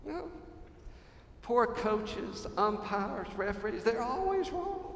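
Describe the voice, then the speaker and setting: A man's voice: extremely high pitch, wildly swooping pitch, a little slow. A man preaching a sermon, conversational and humorous, putting questions to the congregation. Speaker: pastor. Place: church sanctuary. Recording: roomy church echo, long reverb.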